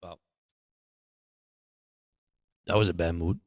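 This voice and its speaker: A man hosting a livestream, chatting casually and getting excited as he reacts to a football game. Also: sits low, slow, dry recording, studio quality. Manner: chatty, excitable during plays. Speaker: livestream host. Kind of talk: casual live game commentary.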